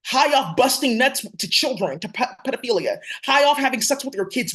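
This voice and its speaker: A woman's voice: sits high, expressive, fairly quick, few pauses, fairly bright tone. A woman vlogging straight to camera in a heated, profane, confrontational rant.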